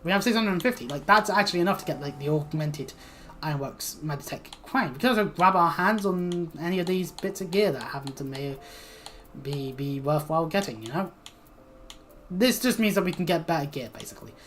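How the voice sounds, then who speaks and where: A woman's voice: low voice, lively intonation, fairly quick, slight background noise. Rambling woman streamer. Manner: rambling, filler-heavy, trails off quietly. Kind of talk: casual gameplay commentary.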